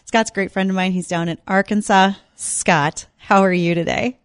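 A woman's voice: medium pitch, steady tone, normal speed, clean tone, dry recording. A woman co-hosting an agriculture and weather radio show, chatting in a friendly, conversational way. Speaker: radio farm show co-host. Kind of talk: radio talk show chat.

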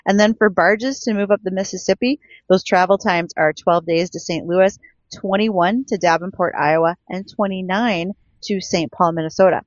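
A woman from North Dakota hosting agriculture radio, folksy and brisk as she runs through market facts. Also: medium pitch, no echo, dull audio. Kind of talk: radio farm market talk. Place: radio studio.

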